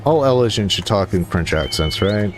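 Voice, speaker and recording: A man with a low, deep voice talking casually over his gameplay, tossing out wry jokes. Faint game music plays underneath. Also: expressive, normal speed. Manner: wry, joking asides. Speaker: game streamer.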